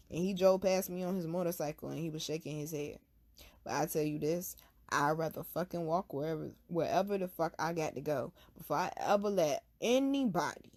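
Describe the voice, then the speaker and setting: A woman hosting her own channel, telling a personal story to camera in blunt, profane street slang, hushed one moment and loud the next. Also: fairly low pitch. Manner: swings from hushed to loud bursts. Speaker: channel host.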